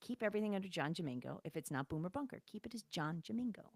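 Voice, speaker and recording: A woman's voice: lowish voice, expressive, rapid-fire, breathy edge, dry recording, clean studio sound. A woman co-hosting a casual live stream, blunt and bossy, teasing and swearing freely. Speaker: co-host.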